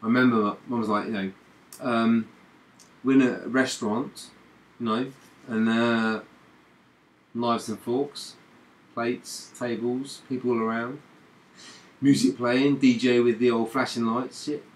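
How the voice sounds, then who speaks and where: A man's voice: medium pitch, steady tone, a little slow, pauses often, rough recording. A man hosting a live stream, chatting casually with playful banter and swearing. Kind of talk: casual chat.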